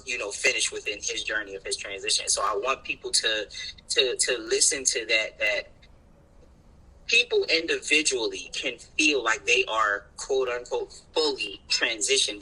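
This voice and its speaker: Male podcast co-host, very bright tense tone, rambling and emphatic, casual profanity. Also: mid-range voice, husky, low-quality recording. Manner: rambling, emphatic, swears freely. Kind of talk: casual chat.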